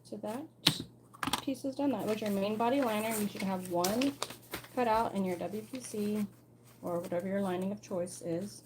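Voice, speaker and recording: A woman's voice: mid-range voice, moderate pace, noisy background. A woman leading a casual sewalong tutorial, chatting and thinking aloud as she plans and cuts her fabric pieces. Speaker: sewing instructor.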